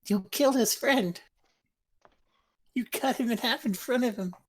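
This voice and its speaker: A woman's voice: fairly high pitch, unhurried, slightly rough. A woman narrating as game master in a casual online tabletop game, easygoing and descriptive.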